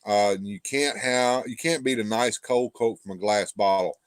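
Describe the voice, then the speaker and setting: A man's voice: fairly low pitch, unhurried, no echo. A man hosting, chatting casually and rambling as he repeats his words. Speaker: host. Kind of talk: casual commentary chat.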